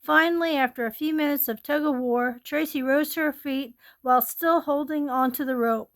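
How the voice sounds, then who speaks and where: A woman steadily reading a ghost story aloud, gently and with small slips. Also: high voice, moderate pace.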